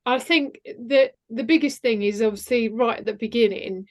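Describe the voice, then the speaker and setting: A woman coach speaks earnestly as a podcast guest and doubles up her words for emphasis. Her voice sits a little high. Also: moderate pace. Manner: earnest and emphatic, repeats phrases for stress. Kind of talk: casual interview chat.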